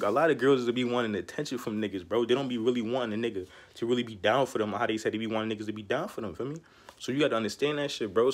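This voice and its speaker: A young man ranting casually to camera as a vlogger, profane and animated in heavy street slang, laughing as he goes. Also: mid-range voice. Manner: laughs often mid-rant.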